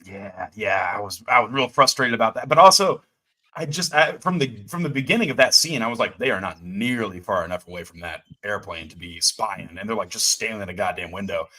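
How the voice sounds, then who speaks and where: A man with a bright, forward voice that swings widely in pitch as he rants about a TV episode. He talks casually, swears freely and laughs along with the others. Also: lively intonation, fairly quick. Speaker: podcast co-host. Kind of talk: casual chat recapping a TV episode.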